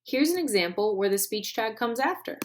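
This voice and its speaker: A woman teacher giving a recorded grammar lesson, clear and deliberate, stressing key words. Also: fairly high pitch, lively intonation, slight background noise.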